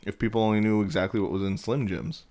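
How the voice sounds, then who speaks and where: Low-voiced man teasing in banter. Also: fast, darkish tone. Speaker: co-host. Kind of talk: casual chat.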